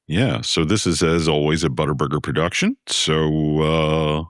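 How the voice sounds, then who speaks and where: A man co-hosting a podcast, bantering with quick interjections and playful questions. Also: extremely low pitch, fairly even intonation, no echo, clean studio sound. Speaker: podcast co-host. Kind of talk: casual chat.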